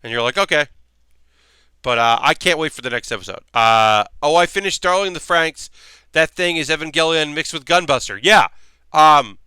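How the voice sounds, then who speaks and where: A man with a bright, smooth voice rambles casually through a livestream, swearing freely and answering chat as he goes. The sound is dry and close, with no room around it. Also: on the high side, moderate pace, no echo. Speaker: livestream host.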